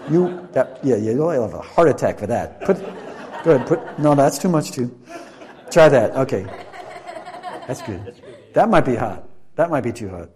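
A man's voice: medium pitch, very animated, normal speed, long pauses, darkish tone. A man preaching in a church, leading a Passover demonstration and joking playfully with volunteers. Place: church sanctuary.

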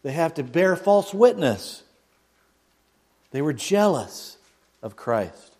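A man preaching a sermon, dropping to near a hush and then rising loud. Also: fairly high pitch, sing-song, slow. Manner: dramatic swings from hushed to loud, mocks a pompous prayer voice.

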